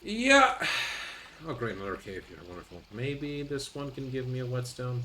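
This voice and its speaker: A man's voice: medium pitch, wildly swooping pitch, moderate pace, sharp tone, a little hiss or hum. A man streaming a video game, commenting casually with sarcastic grumbles and mild swearing.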